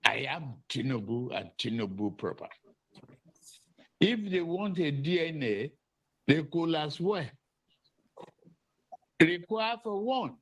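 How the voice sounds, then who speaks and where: A man in his seventies giving a halting public statement, stopping and repeating words as he goes. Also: fairly high pitch, very animated, fairly bright tone, poor audio. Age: 70s. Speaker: politician in an archive clip. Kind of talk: press statement.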